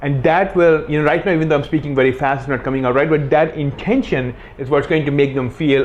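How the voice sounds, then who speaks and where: A man coaching on dating, explaining earnestly and acting out example lines. He talks fast. The recording is slightly dull, with faint ambience behind him. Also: fairly high pitch, steady tone, a little hiss or hum. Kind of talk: instructional talk to camera.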